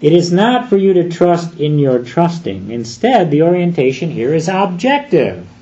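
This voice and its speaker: A man preaching an expository sermon, deliberate and emphatic, slowing down on key phrases. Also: fairly high pitch, sing-song, dark tone, highs cut off.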